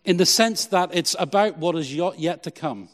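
Man preaching a sermon in a hall. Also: sits high. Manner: emphatic preaching with repetitions and slow stressed phrases. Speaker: pastor.

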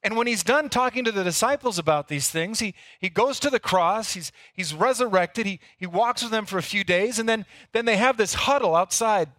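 Man, pastor, sermon, bright sharp tone, dry sound, earnest, repeats words. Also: high-pitched, brisk, hardly any pauses, dry recording.

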